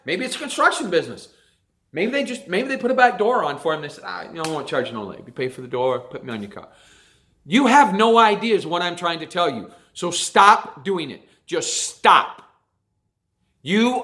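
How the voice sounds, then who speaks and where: Emphatic man ranting, lively high voice. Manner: emphatic, repeats phrases for stress. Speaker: racing vlogger. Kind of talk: ranting monologue to viewers.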